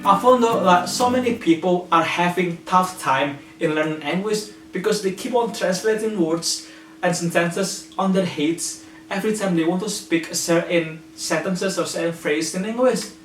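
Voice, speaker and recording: An Indonesian-speaking man teaches English, giving earnest, patient tips with plenty of examples in an explanatory lesson. His voice sits high and is a bit bright, at normal speed. The room is echoey, the mic slightly distant, with a faint hum and faint music behind.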